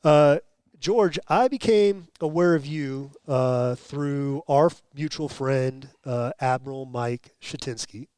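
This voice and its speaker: A man hosts a casual show in a smooth, resonant voice. He jokes and restarts his sentences as he goes. The sound is dry and close. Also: mid-range voice, slow, a little mellow, no room sound. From United States. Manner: stammering restarts, jokey. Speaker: host. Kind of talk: casual chat.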